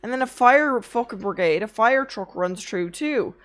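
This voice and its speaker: A woman's voice: fairly high pitch, expressive, moderate pace, a bit bright. A young woman streaming, chatting casually with her chat, tired from little sleep, rambling through anecdotes and swearing often.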